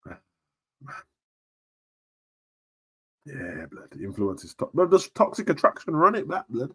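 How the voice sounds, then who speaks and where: Young guy on a stream, slangy, voice bounces all over, kinda high. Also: lively intonation, measured pace, vocal fry. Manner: slangy, swings from loud shouting to near-whispers. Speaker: wrestling stream host. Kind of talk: casual live-stream chat.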